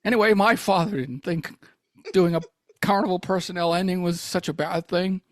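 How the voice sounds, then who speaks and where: A man's voice: high voice, normal speed, dry recording, studio quality, lightly acted. A man doing a comedic impression of a stammering, folksy old-time film leading man, drawling and pleading. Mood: indignant.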